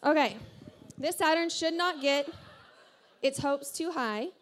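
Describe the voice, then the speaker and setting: A woman pastor preaching to a congregation, telling a personal story in an animated, self-deprecating way and laughing often. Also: high voice, takes it slowly. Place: church service before a congregation.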